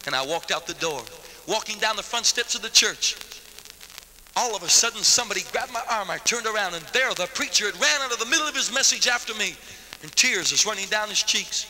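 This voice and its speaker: A man's voice: high voice, animated, fairly quick, bright, forceful tone, a little hiss or hum. A man evangelist giving a dramatic testimony sermon, telling his story vividly with street slang. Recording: long hall reverb.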